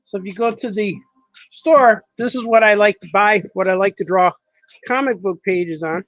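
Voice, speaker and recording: A man's voice: sits high, normal speed, a bit bright, no room sound, low-quality recording. A man, a cartoonist, chatting casually on a live stream while he draws, repeating himself as he works.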